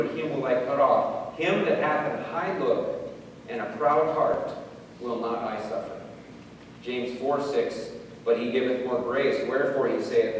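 A man preaching a sermon, emphatic, rising to forceful peaks and then dropping low. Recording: echoey hall from far off, faint noise.

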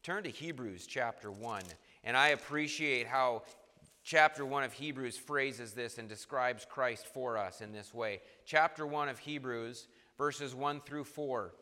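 A man preaching a sermon, earnest and halting, with repeated restarts, reading scripture aloud. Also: medium pitch, sharp tone. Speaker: pastor. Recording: long reverb of a hall.

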